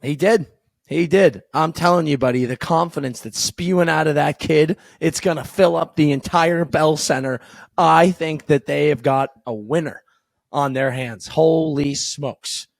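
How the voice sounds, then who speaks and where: A man co-hosting a casual hockey podcast, telling stories excitedly. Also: on the high side, a little slow, gravelly, dry recording. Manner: excitable storyteller, swears casually. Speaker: podcast co-host.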